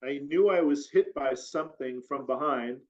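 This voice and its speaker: A man's voice: mid-range voice, moderate pace. Man telling a story casually, muffled audio. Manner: rambling, filler-heavy, animated retelling. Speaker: guest. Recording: dull lo-fi audio.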